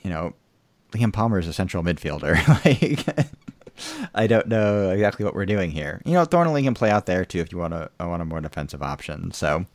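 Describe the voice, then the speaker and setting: A man's voice: low-pitched, sing-song, moderate pace, no room sound. A man hosting a casual podcast, rambling with many fillers such as "you know". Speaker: podcast host. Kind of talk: casual chat.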